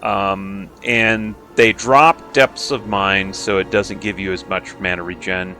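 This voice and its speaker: A man's voice: low-pitched, fairly even intonation, slow pace, pushed and bright, soft background music. A man giving casual commentary over his own strategy game, chatty and self-mocking, thinking aloud and making playful silly noises. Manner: playful silly noises and repeated sound effects. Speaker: game streamer.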